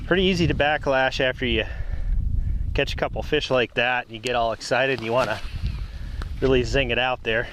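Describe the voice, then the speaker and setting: A man narrating casually while fishing from a boat on a lake, relaxed and chatty, breaking into excited whoops when a fish bites. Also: mid-range voice, normal speed, pauses often, slight background noise. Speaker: fishing vlogger.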